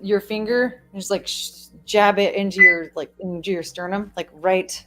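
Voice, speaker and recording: A woman's voice: mid-range voice, fairly even intonation, moderate pace, loud music behind the voice. A woman in a casual chat, explaining things in a loose, chatty way with lots of "like" fillers.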